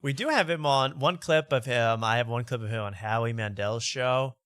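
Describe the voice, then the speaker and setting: A man's voice: medium pitch, normal speed, fairly bright tone, clear, resonant tone, no echo. Joking male talk show host, dry sound. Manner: joking, rambling, laughs often. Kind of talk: casual comedic talk show banter.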